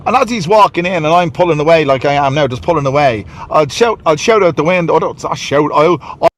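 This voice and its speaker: A man's voice: on the high side, animated, fast talker. A man vlogging into a handheld camera outdoors and in his car, rambling, repeating himself and sounding pleased with himself. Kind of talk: walking vlog monologue. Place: outdoors in a city street and car.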